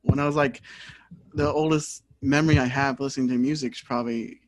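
Halting young man, full of fillers. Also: mid-range voice, fairly even intonation, dry recording. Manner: halting, filler-heavy, many restarts. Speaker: podcast co-host and rapper. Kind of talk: casual chat.

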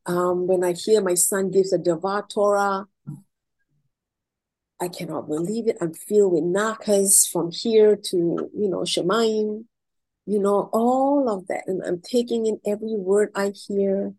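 A woman's voice: mid-range voice, steady tone, a little slow, a little mellow, rough recording. A middle-aged woman being interviewed, telling heartfelt personal stories in an emotional, effusive way and repeating words when she is moved.

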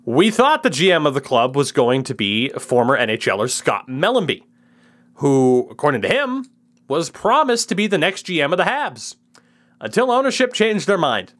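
A man's voice: fairly high pitch, big pitch swings, moderate pace, a bit bright. A man in his twenties, co-hosting a casual sports chat and giving opinionated takes. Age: 20s. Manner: opinionated, ranting, swearing. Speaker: podcast co-host.

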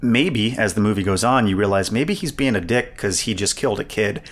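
A man co-hosting a podcast, chatting casually about a movie and getting animated when retelling scenes. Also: lowish voice, brisk. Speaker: podcast co-host. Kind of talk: casual film discussion.

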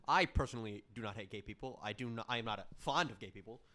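A man's voice: fairly low pitch, quick pace, sharp tone. A man co-hosting a podcast, laughing often and firing back jokey replies. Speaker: podcast co-host. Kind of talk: crude casual banter.

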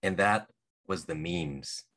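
Low-voiced man in casual sports chat. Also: slow pace, fairly bright tone. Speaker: podcast co-host.

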